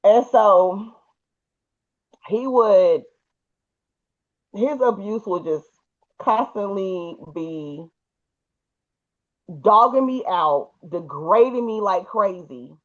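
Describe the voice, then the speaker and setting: Animated woman telling a personal story. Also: lowish voice, lo-fi sound. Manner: animated, emphatic, colloquial.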